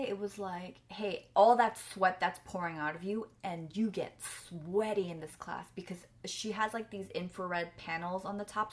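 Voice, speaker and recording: A young woman chatting casually to camera as a vlogger, earnest and effusive, filling her talk with "like" and "you know.". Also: mid-range voice. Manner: chatty, filler-heavy with frequent "like".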